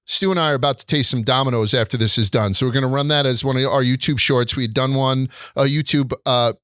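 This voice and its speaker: A young adult man hosts a casual talk show and tells his stories with lively energy, swearing freely as he rants. His voice sits at a mid pitch and is recorded dry and close. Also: fast, no room sound. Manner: animated storytelling with frequent swearing. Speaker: host. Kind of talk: casual chat.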